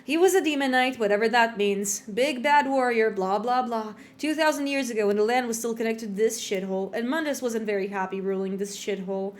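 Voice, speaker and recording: A woman's voice: on the high side, a little fast, hardly any pauses, close to an everyday voice. A woman voicing a crude, swaggering young woman in a put-on British accent, with sarcastic, offhand delivery.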